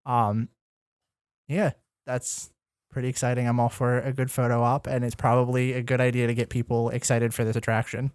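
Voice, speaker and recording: A man's voice: medium pitch, monotone, moderate pace, a little mellow, clean tone, dry recording, clean studio sound. A man co-hosting a podcast, running through the news in an easygoing, casual way with plenty of ums and likes. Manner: easygoing, filler-heavy news rundown. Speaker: podcast co-host. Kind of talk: casual chat.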